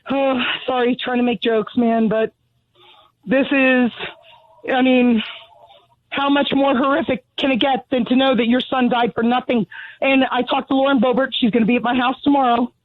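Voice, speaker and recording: A woman's voice: sits high, little pitch movement, normal speed, dry recording. A grieving, angry mother on a phone call, talking bluntly and out of breath from pacing. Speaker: caller. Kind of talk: phone interview. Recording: tinny phone line.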